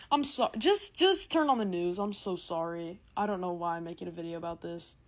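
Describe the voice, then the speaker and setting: A young woman doing a casual, sarcastic comedic monologue, animated and quick to laugh. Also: on the low side. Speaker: comedic creator.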